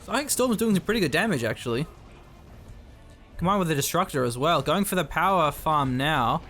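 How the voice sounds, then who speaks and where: A man's voice: on the high side, animated, a little fast, a bit bright, faint music behind. A man commentating a strategy video game in a casual, chatty way, often trailing off and restarting.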